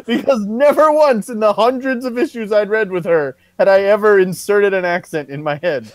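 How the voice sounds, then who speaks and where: A man's voice: high voice, normal speed, no room sound, rough recording. A man guesting on a podcast, giving blunt, opinionated takes in casual chat.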